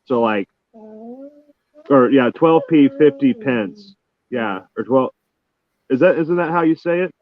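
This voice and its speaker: A man's voice: on the high side, big pitch swings, slow pace, pauses often, no room sound. Rambling man on a tinny line. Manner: rambling, hesitant restarts. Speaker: caller. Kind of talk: casual call-in chat.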